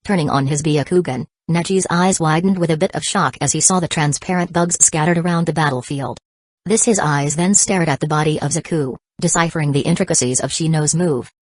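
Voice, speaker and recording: A woman narrating a novel as an audiobook in an even, steady reading manner. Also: sits low, dry recording.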